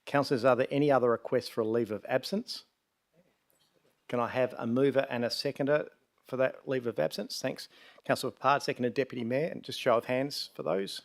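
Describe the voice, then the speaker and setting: A man presiding over a council meeting, moving briskly through procedural items and fielding questions. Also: medium pitch, gravelly. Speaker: presiding mayor chairing the meeting. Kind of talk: chairing a formal council meeting.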